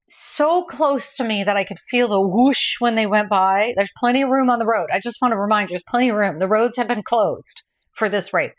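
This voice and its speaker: A woman's voice: medium pitch, a little fast. A woman telling her own race story in a casual, rambling way, often restarting her sentences and correcting herself. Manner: rambling, self-correcting, candid. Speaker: vlogger recounting her race.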